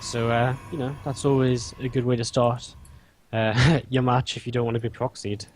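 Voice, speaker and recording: A male co-caster giving steady, measured analysis of a strategy game match. His voice sits at an ordinary middle pitch. A faint noise floor hums beneath it. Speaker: esports co-caster. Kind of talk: game commentary.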